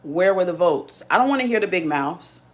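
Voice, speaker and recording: A woman with a slightly lower voice hosts a live stream. She talks straight to her viewers in a loose, casual monologue. Her manner is sassy, teasing and full of slang. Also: expressive, a little fast.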